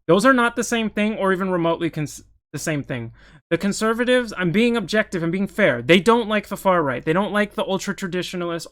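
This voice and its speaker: Reacting to news articles, a man offers heated, opinionated political commentary in a casual style, often abandoning sentences mid-thought to start again. His voice is high and a bit bright.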